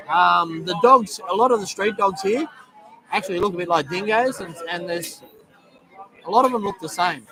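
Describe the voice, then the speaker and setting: His voice sits high and moves at a moderate pace as this middle-aged Australian man chats through a casual live stream. The setting is a busy Thai bar, the crowd's chatter audible behind him, as he reads comments, says um often, and names viewers in greeting.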